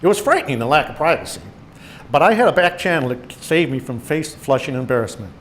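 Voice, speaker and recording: A man's voice: a little high, fast talker, slight background noise. A man in his sixties, an author reading his memoir stories aloud to an audience in a meeting room, bringing the quoted lines to life as he goes. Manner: storytelling with animated quoted voices. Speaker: author giving a presentation.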